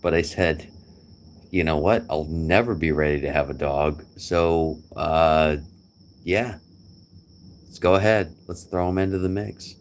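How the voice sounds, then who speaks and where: Super deep voiced guy rambling slow, crickets chirping behind him. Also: steady tone. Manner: rambling, joking, chuckling. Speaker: vlogger. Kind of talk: casual chat to a friend.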